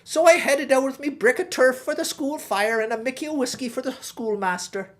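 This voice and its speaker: Here is a rambling, folksy male Irish pig farmer in middle age, spinning a comic tale in a thick stage Irish accent, as a woman acts him out. The voice sits high and light. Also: fairly quick, lightly acted. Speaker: guest host. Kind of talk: comic monologue in character.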